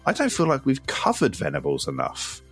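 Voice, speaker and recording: A man's voice: lowish voice, huge pitch swings, a little fast, husky, faint music behind. A man hosting a podcast in casual chat, telling stories in a chatty, self-mocking way. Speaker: podcast host.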